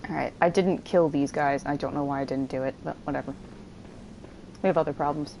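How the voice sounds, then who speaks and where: A woman's voice: sits low, steady tone, brisk, gravelly, darkish tone, slight background noise. Chatty woman doing casual game commentary. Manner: chatty, swears freely, laughs often, jumps between the story and the gameplay. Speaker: gamer playing on video. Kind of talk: casual let's-play commentary.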